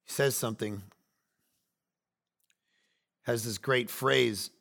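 A man in his forties preaching a sermon, animated, swinging between loud bursts and hushed asides. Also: mid-range voice, slow pace, creaky. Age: 40s. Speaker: pastor.

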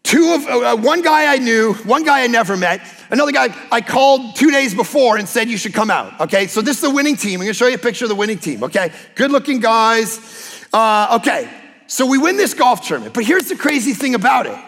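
A man preaching a sermon as a pastor, impassioned and emphatic, sometimes breaking into shouts. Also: very high-pitched, big pitch swings, a little fast, vocal fry, big-room sound. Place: church sanctuary.

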